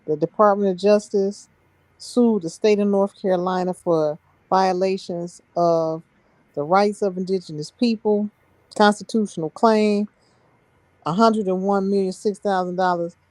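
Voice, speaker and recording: A woman's voice: mid-range voice, fairly even intonation, measured pace, darkish tone, no room sound. A woman telling a story on a live stream in an emphatic, heated way, laughing between points.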